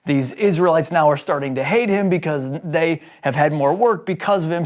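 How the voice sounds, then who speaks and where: A fairly high-voiced man preaching a sermon. He retells scripture in a lively, casual storytelling manner, slipping into voices for the people in the story. His delivery stays conversational, like a pastor talking straight to his congregation. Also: normal speed, hardly any pauses. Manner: animated storytelling with acted-out dialogue.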